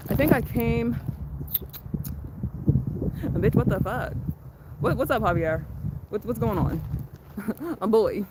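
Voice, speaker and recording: A young woman live-streams on her phone as she walks outside in the sunshine, chatting casually with viewers, reading the chat aloud, laughing often and swearing a lot. Her voice runs on the high side, and she speaks slowly with long pauses. Loud outdoor noise fills the background.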